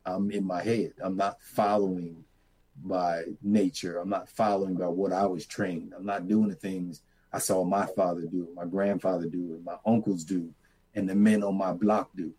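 A middle-aged man, a farmer and mentor, telling reflective stories in an earnest way that turns animated as he retells them. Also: low voice, normal speed, husky, poor audio. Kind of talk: reflective storytelling.

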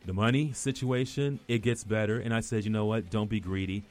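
A man's voice: fairly low pitch, fairly even intonation, a little fast. A middle-aged man with a West Indian accent, an actor chatting as a guest and telling rambling stories full of restarts. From West Indies. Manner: rambling storyteller with many restarts. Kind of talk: casual chat.

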